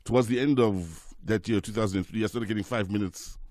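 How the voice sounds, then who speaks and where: A man's voice: fairly low pitch, fairly quick, dry recording. A man in his forties, a football commentator telling stories in a radio studio interview. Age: 40s. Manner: lively anecdotes with quoted voices. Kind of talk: casual radio interview storytelling.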